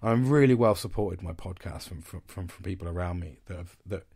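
A man's voice: low-pitched, a little fast, vocal fry, a little mellow, breathy edge. Rambling man telling pub stories. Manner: rambling, chatty, swears freely, many fillers and restarts. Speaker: podcast host. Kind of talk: casual storytelling monologue.

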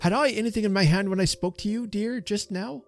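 A man's voice: high voice, fairly quick, soft background music, pitched above the performer's own voice. A man reading aloud, voicing an absent-minded, rhetorical Victorian bacteriologist. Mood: flustered. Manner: declamatory.

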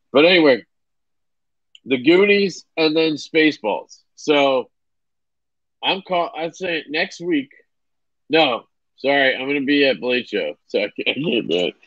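A man's voice: medium pitch, fairly bright tone, no room sound. A young man hosting a casual livestream chat, rambling and swearing with lots of fillers. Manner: laid-back, swearing, rambling with many fillers. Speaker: livestream host. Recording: dry, dull lo-fi sound.

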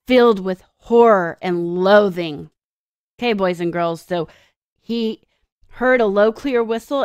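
A woman teacher reading a story aloud to children and explaining it, with expressive storytelling and dramatic pauses. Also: mid-range voice, clear, resonant tone, dry recording, clean studio sound.

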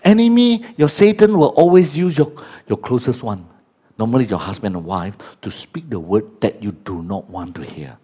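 Animated preacher, Chinese-native man. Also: mid-range voice, husky. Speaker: pastor. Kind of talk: sermon.

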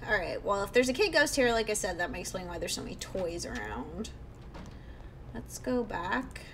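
A woman's voice: medium pitch, animated, normal speed, a little hiss or hum, poor audio. A young woman giving casual gameplay commentary, chatty and often talking under her breath. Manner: chatty, reacts aloud, often hushed. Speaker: let's play host.

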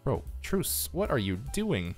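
A man's voice: medium pitch, wildly swooping pitch, takes it slowly, soft background music. Tired, chatty American man streaming a game. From United States. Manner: chatty, reads chat aloud, joking asides. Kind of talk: casual live-stream commentary.

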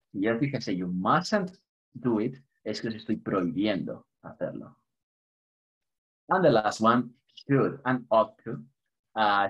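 Husky Spanish-accented male English teacher. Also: on the low side, muffled recording. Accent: Spanish from Spain. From Spain. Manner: switches between English and Spanish, chuckles often, light humor. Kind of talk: online class, explaining grammar in mixed Spanish and English.

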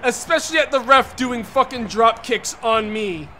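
A man's voice: very high voice, normal speed, a little hiss or hum. Frustrated, swearing young male streamer. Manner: profane, frustrated, yelling at the game. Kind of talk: gaming commentary.

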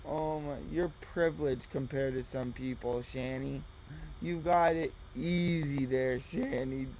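A man's voice: mid-range voice, fairly even intonation, measured pace, darkish tone, a little hiss or hum, low-quality recording. A man giving mocking reaction commentary, sarcastic and exasperated.

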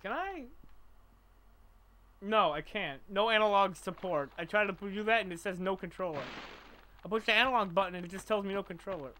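A man's voice: high voice, fairly quick, long pauses, bright, forceful tone, a little hiss or hum, poor audio. A man streaming a video game, joking and talking to himself as he plays. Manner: jokey, talks to himself, does voices. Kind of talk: casual gameplay commentary.

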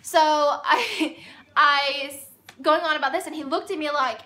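High, bright-voiced woman telling a story. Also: measured pace. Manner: chatty, rambling storytelling. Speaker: vlogger. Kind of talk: storytime vlog.

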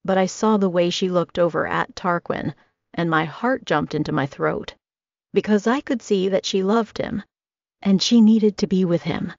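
A woman's voice: fairly low pitch, moderate pace, gravelly, darkish tone, no echo. A woman narrating a first-person romance audiobook in a wry, confiding manner. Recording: dull lo-fi recording.

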